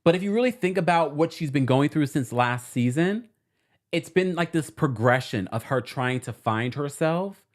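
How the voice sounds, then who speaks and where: Chatty male recap host from New York, animated, expressive delivery, reads viewer comments. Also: on the high side, normal speed. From New York City. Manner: animated and chatty, laughing often. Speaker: host of a reality TV recap show. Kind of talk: casual livestream chat, reading viewer comments.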